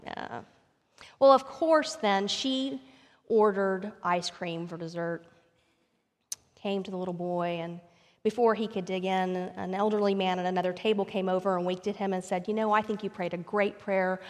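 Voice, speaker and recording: A woman's voice: mid-range voice, steady tone, normal speed. A woman pastor preaching a sermon, telling a story and rising to emphatic questions. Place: church sanctuary. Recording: long reverb of a church sanctuary.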